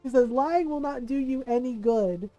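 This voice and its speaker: Chatty high-voiced woman streamer. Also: moderate pace, dark tone. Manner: chatty, acts out quoted voices, frequent "right?". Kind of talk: casual storytelling while gaming. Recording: dry close mic with faint game music.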